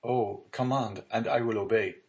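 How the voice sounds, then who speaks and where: A man's voice: on the low side, fairly even intonation, normal speed, close to an everyday voice. A man reading the part of an honest, eager young prisoner who pleads earnestly.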